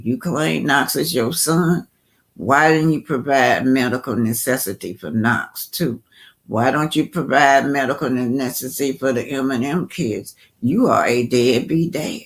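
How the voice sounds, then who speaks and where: A man hosting reaction commentary, emphatic and heated, often repeating himself and stumbling over words. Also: mid-range voice. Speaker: commentary host. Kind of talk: reaction commentary on video clips.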